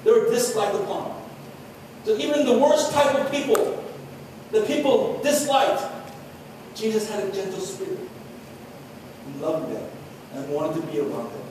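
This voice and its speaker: Earnest high-voiced pastor in echoey hall. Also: male voice, expressive, unhurried, far from the mic, background noise. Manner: earnest preaching, drops to soft tones for quotes. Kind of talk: sermon.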